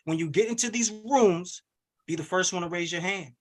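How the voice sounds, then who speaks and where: A man coaching on an online webinar, rallying listeners with an energetic, preachy call-and-response style over a video call. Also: high voice, normal speed. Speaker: wealth coach hosting a webinar. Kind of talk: hype motivational webinar coaching.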